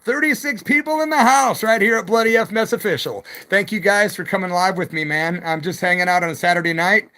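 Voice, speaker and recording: A man's voice: sits high, a little fast, hardly any pauses, sharp tone. A middle-aged man, a rock musician, rambling through stories on his evening live stream with loose slang and the odd hoot.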